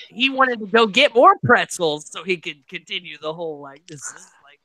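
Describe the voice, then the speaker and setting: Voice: medium pitch, lively intonation, moderate pace, bright, forceful tone, no echo. A podcast host animatedly recapping episode drama in a casual, story-driven way, full of "like" and "he's like".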